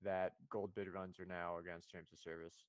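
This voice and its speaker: A man's voice: sits low, level tone, normal speed, smooth, no echo. A young man on a headset in gaming voice chat, arguing his point insistently.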